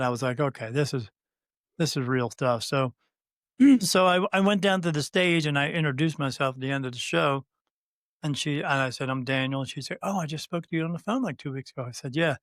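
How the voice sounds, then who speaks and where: Man in his fifties telling a story haltingly. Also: on the high side, dry recording, clean studio sound. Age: 50s. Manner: halting, many "uh" fillers and restarts, acts out quoted dialogue. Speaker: guest, spirit medium. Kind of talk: casual storytelling in an interview.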